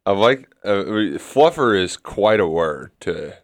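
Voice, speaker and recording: A man's voice: lowish voice, sing-song, slow pace. A man co-hosting a sports podcast, making wry, teasing asides in casual chat.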